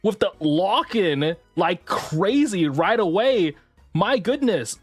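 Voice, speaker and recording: A woman chatting casually with viewers on a livestream, swinging between squealing excitement and low mumbles, swearing now and then. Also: takes it slowly, slightly rough, no room sound, soft background music.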